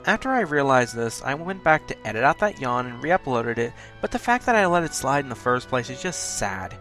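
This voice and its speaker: Fast, lively self-critical countdown host. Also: male voice, mid-range voice, faint music behind. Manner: talks fast, stutters at points. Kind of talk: scripted countdown commentary.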